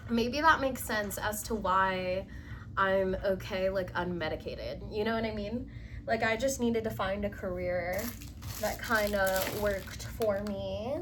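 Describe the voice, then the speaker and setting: There's a faint hiss or hum behind this young woman's medium-pitched voice. Indoors at home, she rambles giddily through a casual storytime chat as she puts furniture together, squealing and using plenty of fillers.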